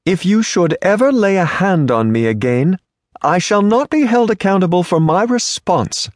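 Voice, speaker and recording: A man's voice: high voice, lively intonation, moderate pace, no room sound, studio quality, pitched above the performer's own voice. A man voicing a prim, indignant young lady in a Western romance audiobook, speaking formally and haughtily.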